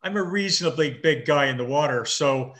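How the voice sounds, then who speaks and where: A man in his fifties, a marathon swimmer interviewed over a video call, talking with halting restarts and dry understated humor. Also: fairly high pitch, a bit bright. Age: 50s. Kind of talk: casual interview chat.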